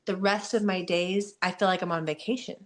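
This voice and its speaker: A woman's voice: on the low side, fairly even intonation, fairly quick. Earnest woman in her forties, encouraging. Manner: earnest, warm-hearted, frequent "you know" and "like". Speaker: guest athlete answering questions. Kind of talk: candid motivational talk.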